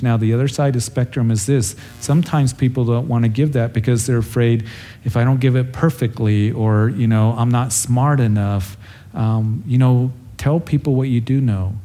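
Mellow-voiced male pastor teaching. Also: mid-range voice, fairly even intonation, normal speed. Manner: storytelling, acts out the characters with a raised voice; earnest and conversational. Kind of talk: verse-by-verse Bible teaching.

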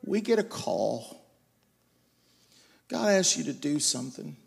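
A man preaching a sermon, swinging between loud emphatic lines and quiet confiding storytelling. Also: a little high, takes it slowly, vocal fry, slightly rough. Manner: animated, loud and emphatic, then quiet and confiding when telling his story. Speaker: guest preacher.

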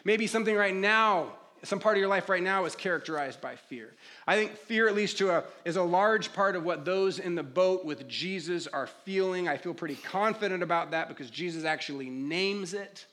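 A man's voice: high voice, normal speed. A man preaching a sermon as a pastor, talking conversationally and acting out pleading prayers. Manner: conversational preaching, acts out pleading prayers, drops to quiet reflective tone.

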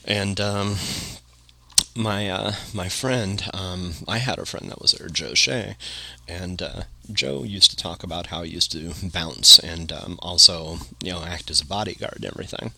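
A man's voice: low-pitched, a little slow, gravelly, sharp tone, no room sound. A man hosting a podcast, telling a long casual anecdote in a rambling way, full of filler phrases. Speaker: podcast host.

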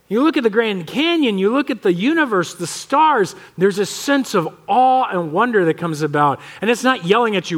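A man with an American accent preaching a conversational, animated sermon as pastor of a church, often acting out the voices he quotes. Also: high-pitched, fairly quick, hardly any pauses. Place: church sanctuary.

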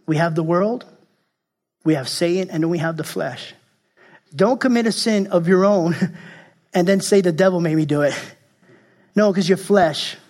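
A high-pitched man delivering a sermon from the pulpit. He talks emphatically, doubling back on his words and poking fun at himself. At moments he sinks to a hushed, intense tone. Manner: repeats and restarts phrases, emphatic, jokes at himself. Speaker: pastor.

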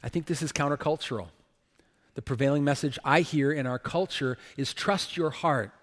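A man's voice: on the high side, moderate pace, long reverb tail. A male pastor preaching a sermon emphatically, often checking in with rhetorical questions.

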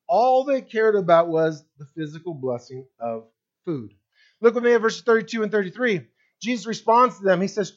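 A man's voice: high-pitched, lively intonation, moderate pace, lo-fi sound. A man preaching a sermon as pastor, speaking to his congregation and acting out the voices in the story.

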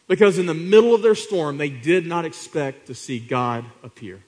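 A man preaching a sermon, swinging from hushed to loud, with repeated rhetorical questions to the congregation. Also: fairly high pitch, normal speed, hardly any pauses.

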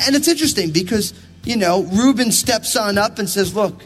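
A man's voice: sits high, animated, moderate pace, big-room sound, soft background music. A man preaching a sermon as pastor, reading scripture and acting out people's words. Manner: preaching with Bible readings, voicing characters in asides.

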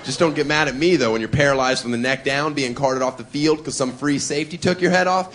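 A man's voice: medium pitch, fast, hardly any pauses, music in the background, a crowd in the background. A man doing a sardonic stand-up comedy routine. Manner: sardonic, builds to shouting.

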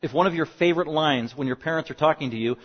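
A pastor preaching a sermon, pleading and swinging between quiet explanation and loud, urgent bursts. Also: male voice, on the high side, quick pace, long reverb tail. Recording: dull lo-fi sound.

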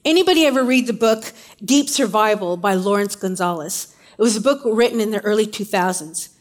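A woman's voice: mid-range voice, expressive, a little fast. A woman preaching a sermon in a conversational way, with casual asides.

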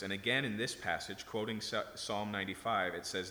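In an echoey hall, a man preaches a sermon conversationally, often checking in with his listeners. His voice sits on the low side, steady and sharp, moving briskly with few pauses over a faint hiss or hum.

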